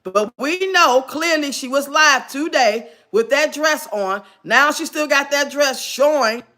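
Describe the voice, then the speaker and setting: A woman's voice: sits high, unhurried, bright, forceful tone. A woman giving blunt, sarcastic reaction commentary on a clip. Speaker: commentary streamer.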